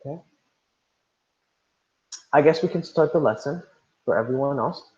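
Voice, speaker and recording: A man's voice: medium pitch, normal speed, darkish tone. A man teaching an online class, repeating instructions and calling on students by name over a video call. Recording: roomy, dull lo-fi sound.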